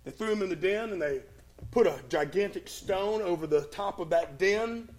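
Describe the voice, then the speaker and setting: A sermon retelling a Bible story, delivered by a man with a very high voice. He uses dramatic pauses and drops from urgent, raised tones to near hushes.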